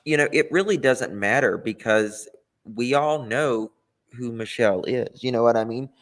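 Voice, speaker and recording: A man co-hosting a casual commentary chat, giving earnest and opinionated remarks in a measured way. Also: mid-range voice. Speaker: co-host.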